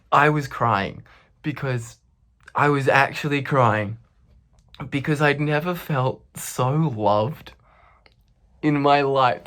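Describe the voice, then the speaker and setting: A man telling a personal story in a casual storytime vlog, animated, swearing a lot and breaking into laughter. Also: fairly high pitch.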